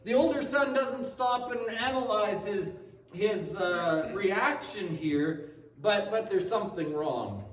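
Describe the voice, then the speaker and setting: A man's voice: high voice, animated, slow pace, roomy sound, distant mic, slight background noise, rough recording. A man preaching a sermon as a pastor, reading scripture aloud and then voicing the older son's complaint with rising intensity.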